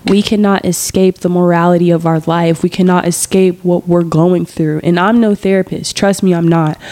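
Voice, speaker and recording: A woman speaks in a low, earnest voice, sharing a reflective personal monologue as a podcast host. Her delivery is heartfelt and unhurried, and at times she sinks into a soft whisper.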